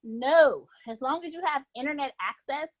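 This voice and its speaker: Heard through a laptop or phone on a conference line, a woman's high-pitched voice comes across muffled but without echo, at a moderate pace. She gives an informal, upbeat group-call presentation training travel agents, chatting cheerfully and checking in with "okay?" often.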